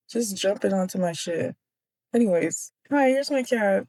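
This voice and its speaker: Woman, book vlogger, low voice, dry close sound, casual sarcastic slang. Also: normal speed, darkish tone, dry recording. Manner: slangy, sarcastic, laughs often.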